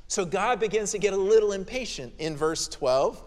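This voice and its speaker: Male pastor, expository sermon, conversational and emphatic, slightly high voice, long hall reverb. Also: expressive, normal speed, darkish tone.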